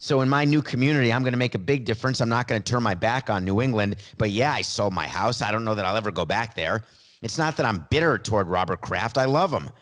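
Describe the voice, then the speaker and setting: A man's voice: fairly low pitch, fast, lightly acted. A man on a sports podcast playing a smug, money-minded star quarterback in his forties, in a mock press conference using his own plain voice. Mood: boastful. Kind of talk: satirical impression in a sports podcast.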